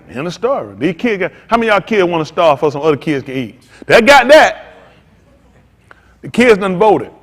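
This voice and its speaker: A man's voice: a little high, long reverb tail. A man preaching a sermon as pastor, fervent and repetitive in casual vernacular speech.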